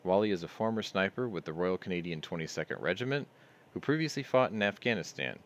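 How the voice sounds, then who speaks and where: This deep-voiced livestream host talks quickly and animatedly, reading out news headlines and following each with sardonic commentary.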